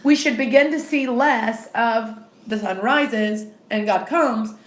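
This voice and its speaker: A middle-aged woman with a fairly high voice co-hosts a morning devotional in a roomy, echoing space. She chats in a playful, cheeky way and slows down when reading scripture aloud. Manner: playful, self-described cheeky, reads scripture slowly. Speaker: devotional co-host. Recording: echoey room.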